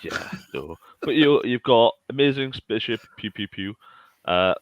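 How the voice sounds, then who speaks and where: A man's voice: mid-range voice, expressive, normal speed, dry recording, highs cut off. A man who is a podcast guest, chatting casually, stammering and poking fun at himself. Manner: stammering, self-mocking. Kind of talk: casual chat.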